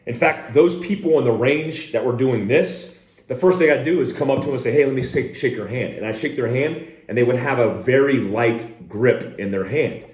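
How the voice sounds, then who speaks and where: A man leads a shooting lesson as a firearms instructor, talking in a direct, plain-spoken way and calling out short, sharp drill commands. His voice sits at an ordinary middle pitch. He is recorded indoors, and the room adds a noticeable echo. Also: normal speed. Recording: roomy echo.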